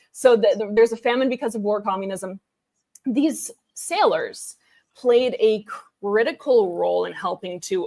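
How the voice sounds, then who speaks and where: Chatty woman explaining history. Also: mid-range voice. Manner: explanatory, chatty, with frequent restarts and asides. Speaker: podcast co-host explaining history. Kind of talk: casual history podcast chat.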